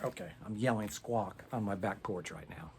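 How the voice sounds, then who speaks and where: A man's voice: on the low side, moderate pace, a little hiss or hum. A middle-aged man doing a profane, sarcastic stand-up set to a camera on his back porch outdoors, with no audience. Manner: sarcastic, ranting, profane, rising to loud outbursts. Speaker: stand-up comedian.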